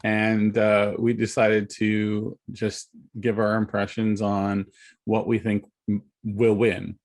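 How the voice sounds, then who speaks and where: A man's voice: fairly low pitch, completely flat delivery, takes it slowly, a little mellow. Offhand, dismissive man on a podcast. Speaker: podcast co-host. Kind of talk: casual podcast chat.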